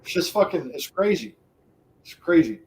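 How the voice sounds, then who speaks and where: A middle-aged, retired man chatting on a livestream, animated, profane and laughing often. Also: fairly high pitch, moderate pace. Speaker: livestream co-host. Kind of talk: casual stream chat.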